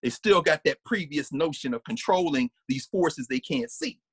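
Husky man lecturing with lively pitch. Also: normal speed, no room sound. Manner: lively, restarts often, hums and sings snippets. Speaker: guest lecturer. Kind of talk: animated conversational lecture.

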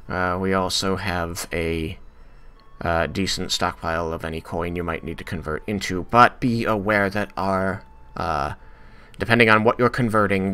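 A man's voice: lowish voice, sharp tone, clean tone. A man voicing a polite, slightly nervous male tiefling clerk with a formal, courteous tone. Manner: courteous, formal customer-service tone.

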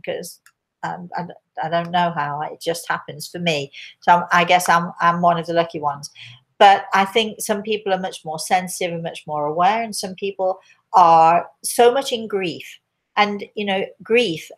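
An older woman with an English accent, a spiritual medium answering viewer questions in a gentle, rambling way with many restarts. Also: medium pitch. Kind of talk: live Q&A chat.

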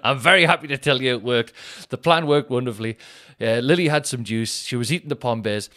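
A man's voice: mid-range voice, brisk. A man in his thirties, a podcast host telling a self-mocking comic story with mock outrage. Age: 30s.

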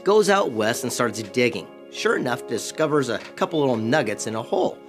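A man narrating a story in a dramatic, animated way, acting out the characters' lines. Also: mid-range voice, a little fast, over music. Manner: animated, acts out characters' quotes.

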